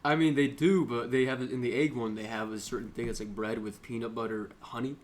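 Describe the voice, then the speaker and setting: A young man co-hosting a casual podcast, rambling and joking as he tells animated stories. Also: mid-range voice, a little fast. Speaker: podcast co-host. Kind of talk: casual chat. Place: small room.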